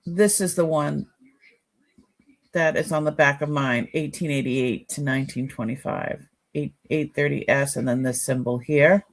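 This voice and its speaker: A woman's voice: low voice, steady tone, measured pace. A woman with a Boston accent chatting casually on a live stream, musing aloud as she examines jewelry for sale. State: sore neck.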